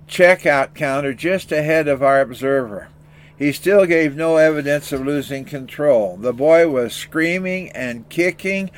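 Older guy preaching, earnest storyteller, voice sits a bit high, sermon vibe. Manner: earnest, storytelling delivery with small restarts. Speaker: pastor. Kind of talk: sermon with scripture reading and anecdotes.

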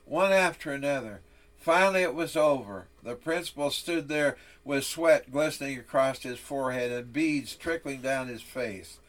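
A man's voice: mid-range voice, moderate pace, fairly bright tone. A male preacher telling a solemn story, then delivering a sermon.

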